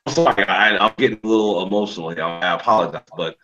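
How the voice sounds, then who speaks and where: A man's voice: low voice, quick pace, bright, forceful tone, highs cut off. A man hosting a casual sports podcast, talking emotionally with lots of fillers and swearing. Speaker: podcast host.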